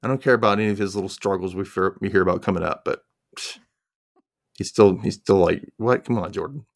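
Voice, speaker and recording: A man's voice: low-pitched, fast talker, no room sound, clean studio sound. A man co-hosting a podcast, recapping a TV episode in casual chat, joking and quoting characters in put-on voices. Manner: animated, jokey, quotes characters in voices, laughs often. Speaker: podcast co-host.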